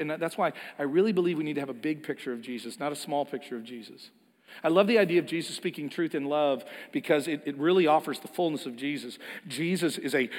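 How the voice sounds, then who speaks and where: A man delivering a sermon from the pulpit, his voice sitting a little high for a man. He pushes his points with emphasis and repetition, rising and falling in force. The sound has the long reverb of a large church hall. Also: a little fast. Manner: emphatic, swings between soft and loud, repeats words. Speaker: pastor.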